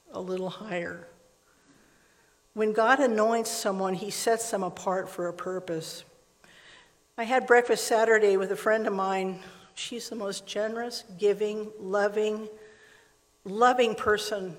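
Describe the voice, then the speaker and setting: A middle-aged woman giving a conversational sermon to a women's gathering, telling stories with frequent laughs and acted-out dialogue. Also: mid-range voice. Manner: chatty storytelling, laughs often, acts out dialogue. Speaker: speaker at a women's church gathering. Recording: long reverb of a hall.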